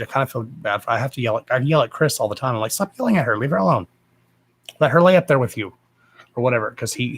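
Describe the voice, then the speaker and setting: A man's voice: fairly low pitch, a bit bright. A man hosting a livestream, talking in a blunt, rambling way and swearing freely. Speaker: psychic medium livestream host. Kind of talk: casual rambling live chat.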